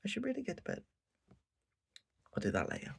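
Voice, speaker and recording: A man's voice: high-pitched, fairly quick, creaky, husky. A man ranting casually and profanely about a show late at night. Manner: animated, profane, repetitive ranting. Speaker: anime reviewer.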